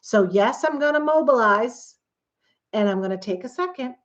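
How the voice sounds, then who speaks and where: A woman's voice: on the high side, lively intonation, normal speed, highs cut off. A woman coach giving a conversational, earnest teaching talk, now and then acting out quoted voices. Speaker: coach and author.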